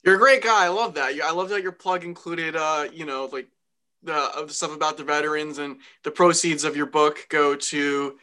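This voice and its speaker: A man hosting a podcast, mostly giving short replies of agreement and warmly praising his guest. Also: fairly high pitch, steady tone, moderate pace. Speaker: podcast host. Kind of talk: casual interview.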